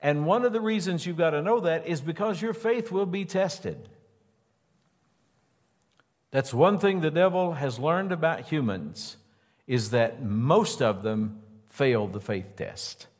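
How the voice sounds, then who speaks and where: A man's voice: fairly high pitch, lively intonation, slow. A man preaching a sermon in an earnest way, driving points home by repeating phrases. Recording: long hall reverb.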